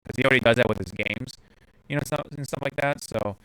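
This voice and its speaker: A man's voice: medium pitch, fast talker, a bit bright, clear, resonant tone, dry recording, rough recording. A man hosting a podcast in casual chat, rambling with lots of fillers and restarts. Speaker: podcast host.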